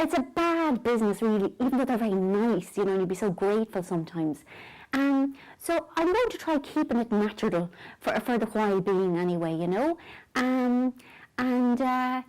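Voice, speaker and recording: A woman's voice: medium pitch, darkish tone, low-quality recording. An Irish woman chatting casually to camera from bed at night, self-mocking and dropping into whispers. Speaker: vlogger. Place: bedroom at night.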